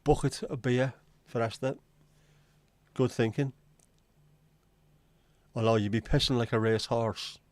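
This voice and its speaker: A man's voice: mid-range voice, fairly even intonation, unhurried, long pauses, darkish tone, no room sound. A man hosting a casual livestream, chatting to viewers with crude, self-mocking jokes. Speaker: livestream host.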